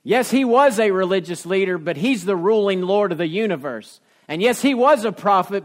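High-voiced folksy preacher man. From Ohio. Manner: folksy storytelling preacher, rising to emphatic peaks. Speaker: pastor. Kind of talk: sermon.

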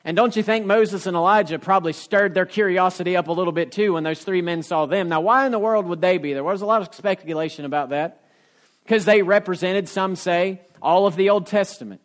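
A man's voice: sits high, brisk. A man preaching a sermon as pastor, telling homespun stories and building to emphatic points. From Ohio. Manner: folksy storytelling preacher, rising to emphatic peaks.

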